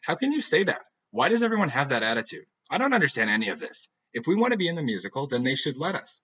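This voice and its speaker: A man's voice: fairly low pitch, expressive, a little fast, bright, forceful tone, slightly rough, full character voice. A man voicing an upset, dramatic teenage girl who complains emphatically. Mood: indignant. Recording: dull lo-fi recording.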